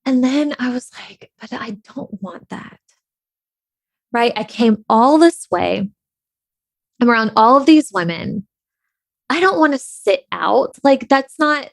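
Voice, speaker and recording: Casual female vlogger, higher voice, chatty and candid, dry close sound. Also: gravelly, no echo. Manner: chatty and candid, heavy on fillers like "like". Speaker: online creator. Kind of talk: casual personal storytelling.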